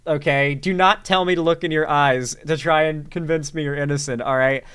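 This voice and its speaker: A man's voice: a little high, steady tone, normal speed, few pauses, a bit bright, clean tone. A man hosting casual reaction commentary in a sarcastic, rambling way. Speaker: commentary host.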